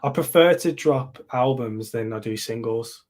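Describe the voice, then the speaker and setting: British male musician guest, mid-pitched, relaxed and matter-of-fact, on a call. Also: moderate pace. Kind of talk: casual chat. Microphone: video call.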